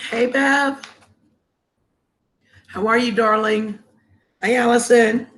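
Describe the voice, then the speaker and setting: A woman's voice: a little high, fairly even intonation, takes it slowly, a bit bright, a little hiss or hum. A woman hosting a casual live stream, congested and sniffly with a cough, greeting viewers with endearments over a laptop microphone.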